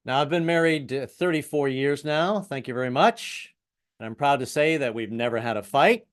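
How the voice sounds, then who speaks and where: A man's voice: medium pitch, normal speed. A man in his fifties doing a self-deprecating stand-up routine over a video call, with wry punchlines and stammered restarts. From US, moved around incl. the South. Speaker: stand-up comedian.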